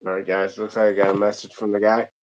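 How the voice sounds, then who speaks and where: A man's voice: lowish voice, flat delivery, fast talker, highs cut off. A man from Michigan chatting loosely with viewers during a live gaming stream, rambling with many fillers and restarts. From Michigan, United States. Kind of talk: casual live-stream chat while gaming.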